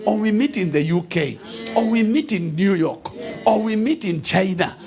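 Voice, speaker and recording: Gravelly, high-voiced man preaching. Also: lively intonation, moderate pace. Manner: builds to shouted declarations, often repeats and restarts words. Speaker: bishop preaching to a congregation. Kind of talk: sermon.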